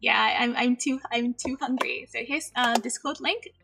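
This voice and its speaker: A woman's voice: on the high side, moderate pace, gravelly, music in the background. A woman streaming a game and chatting casually, bubbly and giggly, sprinkling in Japanese phrases. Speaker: VTuber streamer. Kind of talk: casual livestream chat.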